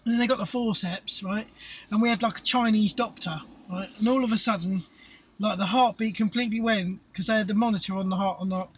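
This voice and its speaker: A man's voice: sits high, a little fast, husky, far from the mic, rough recording. A middle-aged Englishman telling crude, sweary stories and laughing in casual chat, recorded in a parked car. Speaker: podcast co-host.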